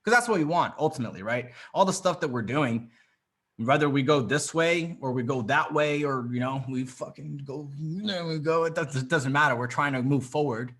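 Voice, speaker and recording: A man leads a live coaching session over a video call, his voice sitting a little high and carrying a bright, tense energy. He talks bluntly and confidently, swearing as he goes and pressing each point home. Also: normal speed. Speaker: dating coach.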